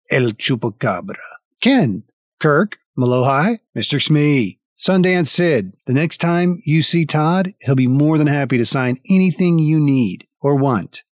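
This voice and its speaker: A man's voice: fairly high pitch, no room sound. A man running a tabletop game as dungeon master, wry and rambling, swearing often as he reads out thanks.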